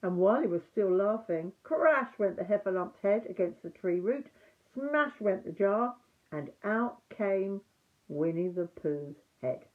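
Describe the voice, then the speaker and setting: An older woman reading a children's story aloud as a grandmother, drawing out words expressively. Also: mid-range voice. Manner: lively, drawn-out expressive reading. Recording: tinny phone-like sound.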